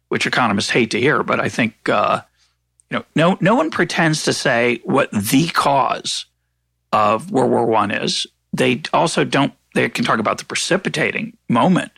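Gravelly, husky male podcast host. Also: mid-range voice, bright, forceful tone, no room sound. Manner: thoughtful, acts out quoted exchanges with a rising voice. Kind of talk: conversational interview.

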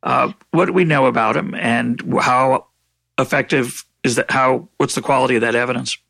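A man interviewing an author, asking thoughtful questions in a halting way with frequent restarts. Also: medium pitch, steady tone, vocal fry, a bit bright, dry recording. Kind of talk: conversational interview.

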